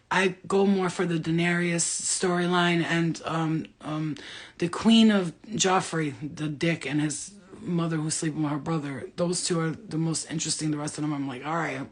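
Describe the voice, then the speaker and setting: A woman with a husky, breathy voice talks through a loose spiritual reading. She drifts from message to message, swears without a second thought and laughs easily. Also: low voice. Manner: rambling, swears freely, laughs often. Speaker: spiritual reader. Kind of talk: casual livestream reading.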